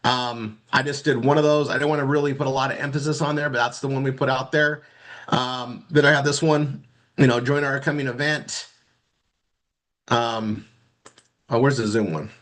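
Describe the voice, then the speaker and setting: A marketing instructor walks through his screen share casually, rambling and halting and repeating words as he clicks around. His voice is medium-pitched, steady in tone, and a bit bright.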